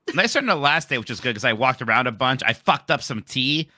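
A man's voice: mid-range voice, animated, fast talker, sharp tone, dry recording. A man co-hosting a casual podcast, telling stories in an earnest, playful way. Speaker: podcast co-host.

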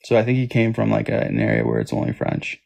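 A man's voice: fairly low pitch, sing-song, fast, creaky, darkish tone. A man with a Toronto Canadian accent, chatting casually on a live stream and thanking viewers by name. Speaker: livestream host.

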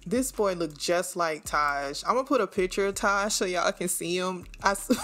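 A woman's voice: on the low side, normal speed, a bit bright, faint music behind. A woman, chatting casually to viewers while playing a life-sim game, laughing often. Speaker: gaming channel host. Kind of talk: casual let's-play commentary.

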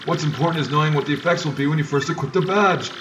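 A man's voice: fairly high pitch, racing, dull audio, noisy background, natural voice. A man voicing a shriveled old male mushroom professor who lectures at length. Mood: lecturing. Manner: long-winded lecturing. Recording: distant mic with loud game music.

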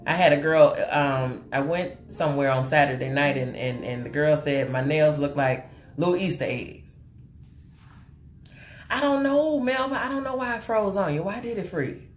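A woman's voice: low-pitched, normal speed, slight background noise. A woman hosting a live makeup tutorial, chatting with her viewers as she works and calling them honey and sugar. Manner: animated and chatty, greets viewers with terms of endearment. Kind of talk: live-stream chat with viewers while demonstrating makeup. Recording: roomy echo with faint music behind.

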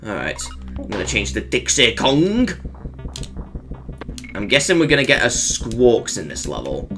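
A man commentating on his own gameplay in an excitable way, yelping and reeling off strings of "no". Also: mid-range voice, a little slow. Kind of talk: let's play commentary. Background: faint game music.

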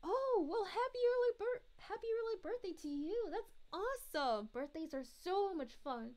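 A woman voicing a gentle, motherly cosmic princess, chatting sweetly and giggling as she reads chat messages on a live stream. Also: extremely high pitch, very animated, normal speed. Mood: cheerful. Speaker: VTuber streamer.

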